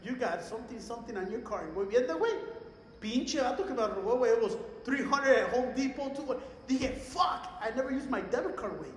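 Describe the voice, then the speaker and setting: An extremely high-pitched young man talks briskly as a co-host on a casual podcast, animatedly telling profane stories that mix English with Spanish slang. The room is echoey with long reverb, and there's slight background noise.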